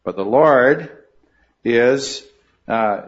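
A man's voice: medium pitch, measured pace. A man teaching a Bible study class in an earnest way, putting questions to the group and often restarting his sentences. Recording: muffled lo-fi recording.

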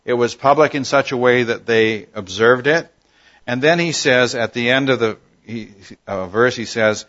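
A man teaching a Bible passage verse by verse, unhurried and thoughtful, pausing often with "uh". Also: fairly low pitch, fairly bright tone, dull audio. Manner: unhurried, thoughtful, with frequent "uh" pauses.

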